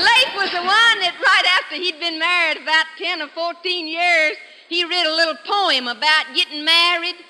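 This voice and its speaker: High, bright folksy comedian in a hall. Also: male voice. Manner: homespun, chuckling. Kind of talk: folksy comic storytelling on stage. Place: large live theater stage. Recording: old 1950s radio broadcast with hall reverb.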